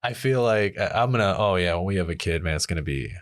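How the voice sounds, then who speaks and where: A man's voice: low voice, expressive, quick pace. A man hosting a casual podcast, joking around, laughing often and swearing freely. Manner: laughs often, acts out quoted people in funny voices, swears freely. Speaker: podcast host. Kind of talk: casual comedic chat.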